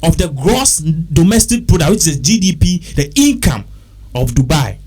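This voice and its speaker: A man's voice: fairly high pitch, sing-song, normal speed, a little mellow, husky. A man with a Ghanaian accent, talking casually and repetitively, working through figures aloud. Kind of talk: casual talk mixing English and Twi.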